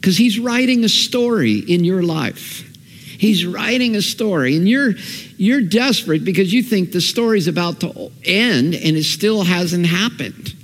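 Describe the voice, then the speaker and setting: A man preaching to his congregation in a lively, emphatic style, leaning hard on repeated phrases. His voice sits a little high for a man. The sound carries a long reverb from a large church hall. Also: measured pace. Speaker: pastor. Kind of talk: sermon.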